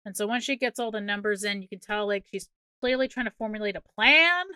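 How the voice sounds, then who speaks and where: A woman co-hosting a movie podcast, recounting a film's plot in casual, exasperated, animated chat with plenty of swearing. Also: mid-range voice, a little fast, clean tone, no echo, clean studio sound. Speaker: podcast co-host.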